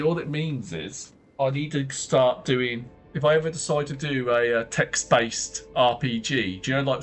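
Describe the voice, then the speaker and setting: A British game streamer with a slightly scratchy throat keeps up low-key, casual commentary as he plays. He often mutters to himself.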